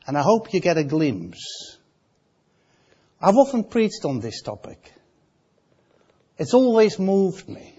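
A man preaching with a Dutch accent, his voice pitched high for a man and rising and falling a great deal. He delivers the sermon at an unhurried pace, moving from loud, stressed phrases to hushed asides. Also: husky, muffled recording. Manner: dramatic swings between loud emphasis and soft asides.

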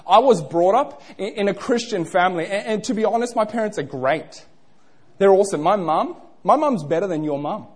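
A man's voice: high-pitched, animated, normal speed. A young man preaching a sermon, playful and interactive, asking the congregation questions.

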